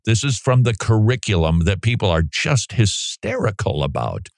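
A man's voice: lowish voice, very animated, normal speed, creaky, dry recording, studio quality. A man reading curriculum passages aloud and breaking in with sarcastic, incredulous asides. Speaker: commentator.

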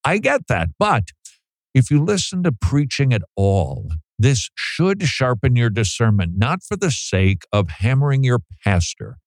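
A man's voice: mid-range voice, big pitch swings, a little slow, dry recording. A man hosting a radio program, talking in a casual, joking way and laughing often. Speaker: radio host.

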